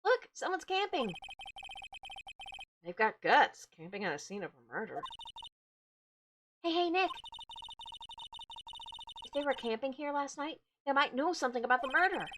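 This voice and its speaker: A woman voicing an excitable, bubbly young woman sidekick with music underneath. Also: sits high, normal speed, long pauses, background noise, pitched above the performer's own voice. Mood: excited. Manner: bubbly, eager.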